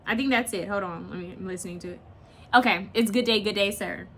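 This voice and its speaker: A woman giving a casual pick-a-picture card reading, chatty and rambling, often pausing to search aloud for a word. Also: mid-range voice, a bit bright. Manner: swears and laughs casually while talking. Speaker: tarot card reader.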